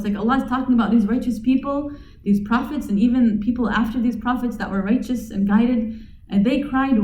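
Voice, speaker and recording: A woman giving an earnest, conversational religious reflection, chanting verses quickly and then translating them in plain speech. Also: on the high side, darkish tone. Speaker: Islamic speaker. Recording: echoey room over tinny phone-like line.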